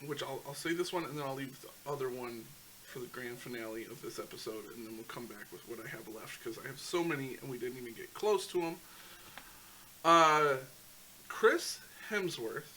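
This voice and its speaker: A man's voice: medium pitch, normal speed, sharp tone, slight background noise, rough recording. A young man co-hosting a casual podcast chat, rambling and stumbling over names. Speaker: podcast co-host.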